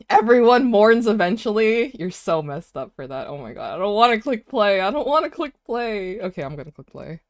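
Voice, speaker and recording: Young female streamer, animated high voice, unhurried, dry close mic, reacts with big laughs. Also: no echo. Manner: excitable, laughing, dramatic repeated cries. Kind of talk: live stream reaction chat.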